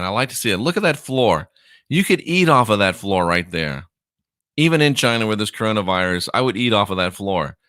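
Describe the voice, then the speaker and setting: A middle-aged American man hosting a casual livestream, mocking and sarcastic, jumping between low mutters and loud outbursts. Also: no echo, studio quality. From United States. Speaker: online show host.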